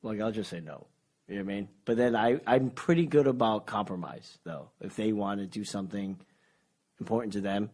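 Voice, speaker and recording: A man's voice: on the low side, fairly quick, a little mellow. A man in his early forties, a comedian guest talking loosely and agreeably with some swearing. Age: 30s. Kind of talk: casual chat.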